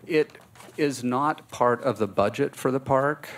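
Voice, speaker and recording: A man's voice: medium pitch, measured pace, noisy background. A man on city staff answering a board member's question matter-of-factly in a city hall meeting chamber. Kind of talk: public meeting remarks.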